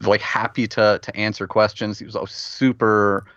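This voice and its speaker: A man's voice: lowish voice, level tone, normal speed, fairly bright tone, dry recording. A man co-hosting a podcast, speaking earnestly in casual chat. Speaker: podcast co-host. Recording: dry, dull close sound.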